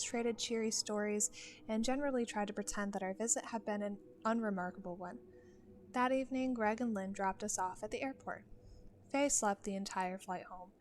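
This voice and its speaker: A woman narrating a first-person tale in a steady, measured reading voice. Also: mid-range voice, a little hiss or hum. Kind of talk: storytelling narration.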